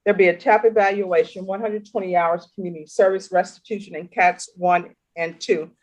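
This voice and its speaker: A woman's voice: fairly low pitch, fairly even intonation, fairly quick, darkish tone, rough recording. A woman judge conducting a formal court hearing over video, firm and corrective in manner.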